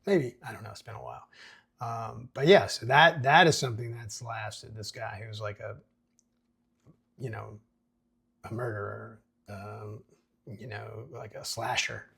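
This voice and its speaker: A man's voice: on the low side, fairly even intonation, unhurried, gravelly, a bit bright, breathy edge. A man hosting a casual screenplay breakdown, talking in a chatty, rambling way. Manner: chatty, rambling with fillers and restarts. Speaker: screenwriting podcast host.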